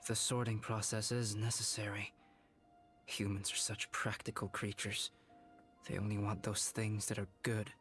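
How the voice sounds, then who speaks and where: Guy voicing a chill detached alchemist, low monotone, game music behind. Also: lightly acted. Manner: measured, detached, philosophical. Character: calm detached young male alchemist. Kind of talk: video game dialogue.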